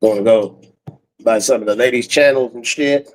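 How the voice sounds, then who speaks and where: A man's voice: mid-range voice, moderate pace, low-quality recording. A man YouTuber talking in a casual rambling monologue, full of street slang, chuckles and trailing fillers.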